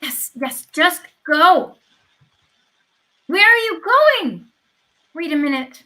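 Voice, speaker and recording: An actress reading a proud, fiery young widow in a live video-call play reading, flipping between rage and pleading. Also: female voice, high voice, animated, slow pace, bright, forceful tone, heavily acted. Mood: torn.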